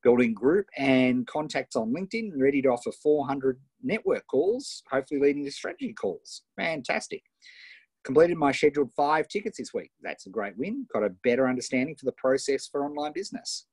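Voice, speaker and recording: Australian male coach, middle-aged, lively and encouraging, slightly husky, dry tablet-mic sound. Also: mid-range voice, brisk, no echo. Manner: energetic, tag questions, reads out students' wins. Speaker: online business coach. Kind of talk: live webinar coaching. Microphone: iPad Pro built-in mic.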